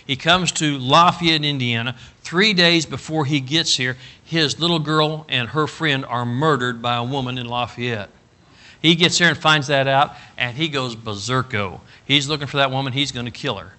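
Bright-voiced folksy preacher man. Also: medium pitch, normal speed. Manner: folksy and animated, building to loud emphatic bursts. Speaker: pastor. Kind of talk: storytelling sermon.

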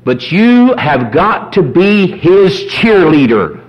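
A man preaching a sermon as a pastor, folksy and animated, telling humorous stories. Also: sits high, takes it slowly. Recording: dull lo-fi sermon recording.

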